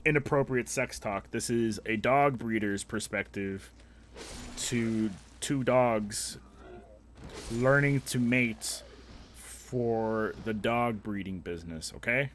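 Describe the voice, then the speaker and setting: A man's voice: mid-range voice, takes it slowly, fairly bright tone, slight background noise. A young man chatting casually on a live stream, joking crudely and swearing as he answers chat.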